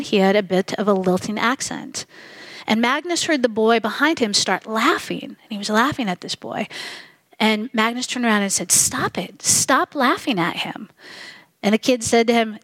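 A woman's voice: a little high, no echo. Earnest woman preaching, dry close sound. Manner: earnest, measured, slows for emphasis. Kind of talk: sermon.

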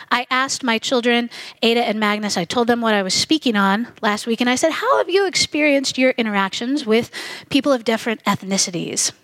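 A middle-aged woman preaching a sermon, earnest and measured, slowing down to stress key phrases. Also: fairly high pitch, a bit bright, no echo. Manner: earnest, measured, slows for emphasis.

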